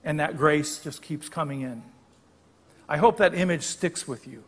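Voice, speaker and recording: An older man preaching a sermon in a church sanctuary, his slightly high voice carrying a long reverb tail. He explains the text in a conversational, teaching way and stops to correct his own wording. The hall rings behind every phrase. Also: normal speed, husky. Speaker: guest preacher.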